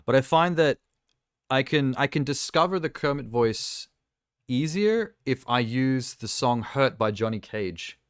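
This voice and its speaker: A male streamer talking in a loose, rambling rant that drifts from one tangent to the next, often amused at himself. His voice sits at an ordinary middle pitch, and the sound is close and dry with no room echo. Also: expressive, a little slow, clear, resonant tone. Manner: rambling, ranting, self-amused. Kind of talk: casual live-stream chat.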